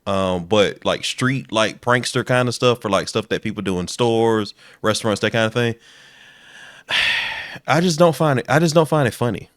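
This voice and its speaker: A man co-hosting a podcast, talking in a measured, reflective, hedging way. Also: mid-range voice, a bit bright, dry recording, studio quality. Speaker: podcast co-host. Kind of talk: casual chat.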